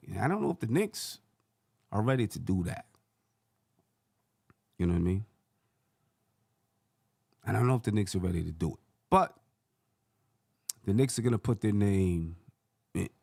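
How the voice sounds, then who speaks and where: A man's voice: lowish voice, creaky, darkish tone, slightly rough, dry recording, studio quality. A man hosting a sports channel, rambling through casual basketball commentary and correcting himself as he thinks aloud.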